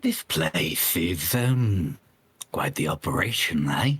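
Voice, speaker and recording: A man voicing a sly male rogue with a lisp and a raspy voice, drawling in-character remarks at a tabletop game. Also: sits low, expressive, takes it slowly, fairly bright tone, heavily acted. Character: gruff lisping male rogue, sly and scheming. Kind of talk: in-character roleplay.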